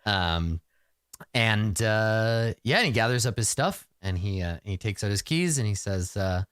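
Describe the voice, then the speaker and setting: Casting: low-voiced man running a tabletop game, animated pitch, dry close mic. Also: measured pace, clean tone, no room sound. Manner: casual, rambling, many fillers. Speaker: game master.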